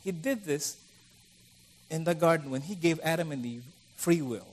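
A man's voice: a little high, moderate pace. A middle-aged man preaching a conversational sermon, acting out the voices of the people he quotes.

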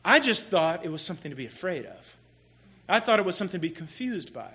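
A man telling a personal story in a sermon, animated and self-deprecating as he talks to the congregation. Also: high-pitched, fast. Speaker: church speaker.

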